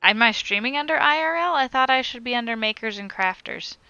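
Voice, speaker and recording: Woman live streamer, bright voice, chatty, reading chat aloud, dry slightly dull sound. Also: on the high side, expressive, fairly quick, smooth, no room sound, faint music behind. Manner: chatty, reads viewer comments aloud and answers them.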